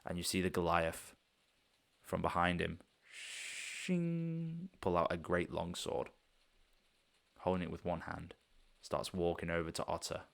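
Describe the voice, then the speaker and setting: Game master, man, very low voice, loose rambling narration. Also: monotone, moderate pace, vocal fry, pauses often. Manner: rambling, loose, with many fillers.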